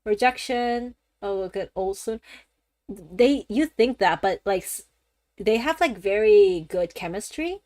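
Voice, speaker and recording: A woman streamer talks in a loose, rambling way with plenty of laughs and casual swearing. Her voice sits at a middle pitch and is recorded close and dry, with no room sound. She jumps between thoughts as she chats. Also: animated, a little slow, darkish tone, no echo. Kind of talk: casual gaming-stream chat.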